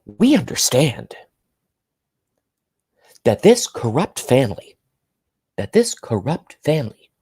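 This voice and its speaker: A man's voice: mid-range voice, very animated, slow, pauses often, a little mellow, slightly rough, pitched above the performer's own voice, exaggerated voice. A man putting on a mocking impression of a condescending female cable news host, asking patronizing questions.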